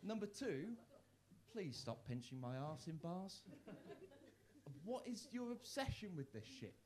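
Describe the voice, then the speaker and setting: A young man from the doing a live stand-up set in a comedy club, self-mocking, with stammered restarts and sudden loud punchlines. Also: high voice, big pitch swings, a little slow, a crowd in the background. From Worcester, England.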